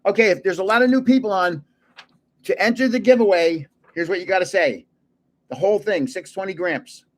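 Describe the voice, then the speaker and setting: Speaking a little fast in a high voice, a man in his seventies hosts a casual livestream. He rambles, chuckles often, and drifts off mid-thought while searching for words.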